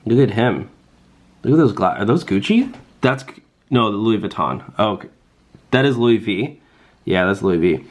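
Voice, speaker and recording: A man's voice: lowish voice, expressive, normal speed, pauses often. A young man rambling jokily in a casual vlog, with lots of fillers as he talks to his viewers. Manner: rambling, jokey, full of fillers like "like" and "um". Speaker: rideshare driver and vlogger.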